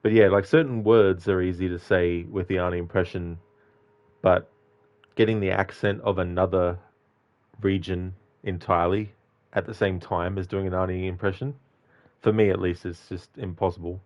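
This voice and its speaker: A man's voice: low voice, fairly even intonation, moderate pace, a little mellow, lo-fi sound. A man chatting casually on a game live stream, reading out and answering viewers by name.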